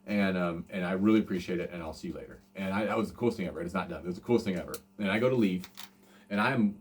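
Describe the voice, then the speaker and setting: A man's voice: deep voice, racing. A man in his forties hosting a casual podcast, telling a rambling, self-deprecating story full of fillers and restarts. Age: 40s. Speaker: podcast host.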